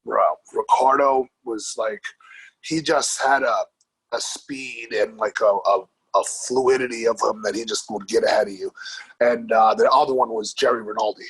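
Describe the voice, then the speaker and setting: Husky male guest, dry mic, animated casual storyteller. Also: mid-range voice, normal speed, no echo, poor audio. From New York. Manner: animated, laughs often, swears casually. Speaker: podcast guest, grappling coach.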